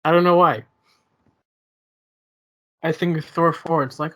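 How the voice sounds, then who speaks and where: A man co-hosting a podcast, chatting casually about films and shows in a relaxed, rambling way that trails off. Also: on the high side, a little slow, long pauses. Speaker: podcast co-host. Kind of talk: casual chat.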